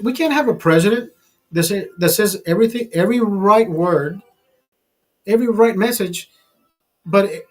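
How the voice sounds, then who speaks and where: A man hosting his own channel, delivering a heated, profane political rant full of restarts. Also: high-pitched. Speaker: channel host.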